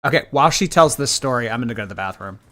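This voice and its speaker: A man's voice: medium pitch, lively intonation, very fast, bright, forceful tone. A man hosting a reaction show, mocking and laughing at a clip he is watching and reading viewer messages. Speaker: reaction channel host. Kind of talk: commentary on a replayed stream.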